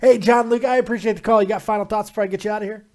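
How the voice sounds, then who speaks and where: A man hosting a live call-in stream, talking casually, joking and swearing loudly. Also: high-pitched, fairly even intonation, rapid-fire. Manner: loud, profane, joking, drifts into mock singing. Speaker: livestream host.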